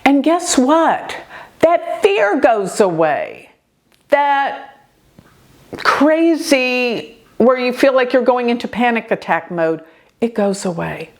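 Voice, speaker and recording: An older woman hosting an astrology show, telling a personal story in an earnest, expressive way. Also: a little high, slow. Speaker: astrologer host.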